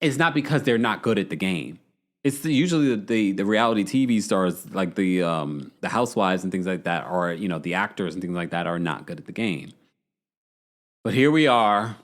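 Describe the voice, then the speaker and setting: During a livestream, a podcast host with a low, expressive voice speaks at a moderate pace, chatting casually, reading viewer comments aloud and launching into blunt, exasperated rants.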